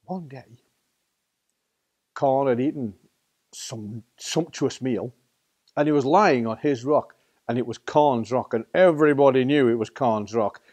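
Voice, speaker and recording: A man from England with a Staffordshire accent tells a children's story in a playful, theatrical oral storytelling style. His mid-range voice has a darkish tone, and he speaks unhurriedly, pausing often.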